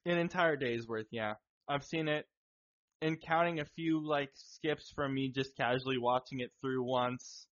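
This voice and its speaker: A man co-hosting a podcast in casual chat, excitable, swearing and laughing a lot. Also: mid-range voice, unhurried. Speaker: podcast co-host. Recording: dull lo-fi sound.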